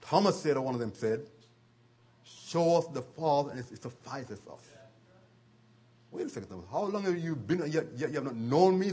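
A man preaching a sermon, retelling scripture stories with chuckles and dramatic slowdowns. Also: a little high, a little mellow, slightly rough.

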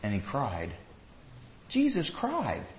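A man preaching a sermon, earnest, moving between loud urging and hushed tender lines. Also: medium pitch, huge pitch swings, slow pace, highs cut off, slight background noise.

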